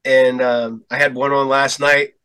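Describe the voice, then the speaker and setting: Bright-voiced laid-back man telling stories. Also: mid-range voice, little pitch movement, measured pace, clear, resonant tone, soft background music, rough recording. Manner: laid-back, chuckling storyteller, swears freely. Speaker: podcast host. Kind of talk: casual chat.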